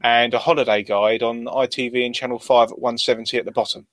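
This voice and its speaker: A man co-hosting a casual podcast chat, chatty with quick asides. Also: medium pitch, level tone, fairly bright tone, no room sound. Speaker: podcast co-host.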